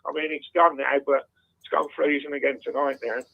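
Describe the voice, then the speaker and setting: A man's voice: a little high, flat delivery, brisk, vocal fry. A man calling in to a phone-in show, chatting casually and rambling with lots of swearing over a phone line. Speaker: caller.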